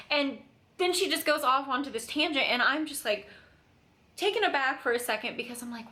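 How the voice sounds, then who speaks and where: A woman's voice: high voice, lively intonation, normal speed, bright, forceful tone. A young woman telling a casual storytime to camera, chatty and full of "like". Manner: chatty, filler-heavy, lots of "like". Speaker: vlogger. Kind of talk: storytime vlog.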